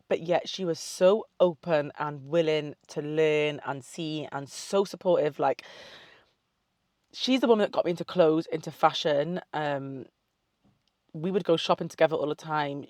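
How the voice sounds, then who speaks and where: A woman's voice: deep voice, no echo. Chatty young woman, dry close sound. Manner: chatty, swears freely, drifts off on tangents; upbeat self-love pep talk. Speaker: fitness model and online coach. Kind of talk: casual Q&A chat to camera.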